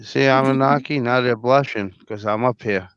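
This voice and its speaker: A man's voice: mid-range voice, normal speed, a bit bright, clean tone, no room sound. Older New York man, dull lo-fi sound. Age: 50s. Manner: easygoing, short agreeable replies. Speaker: panel guest. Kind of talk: casual group chat.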